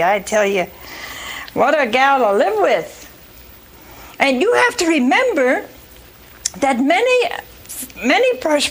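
A woman's voice: high-pitched, fairly bright tone, rough recording. A woman preaching a sermon, retelling scripture with folksy asides and acted-out voices for the congregation.

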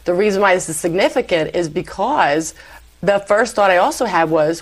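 A woman guest telling her faith story in a conversational interview, animated and acting out her own past remarks. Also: lowish voice, normal speed, poor audio. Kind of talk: conversational personal testimony.

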